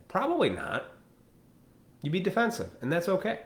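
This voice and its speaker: A man's voice: medium pitch, very animated, measured pace, pauses often, reverberant. A man hosting a live stream, delivering a blunt, profane, preachy rant straight to his viewers. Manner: blunt, profane, preachy, mimics people in quoted asides.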